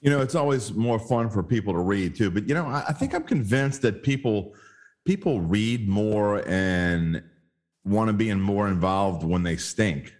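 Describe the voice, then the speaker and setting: A man's voice: on the low side, lively intonation, normal speed, a little mellow. A man hosting a sports podcast, chatting casually and rambling a little as he talks through the game. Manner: conversational, rambling with restarts. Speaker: podcast host.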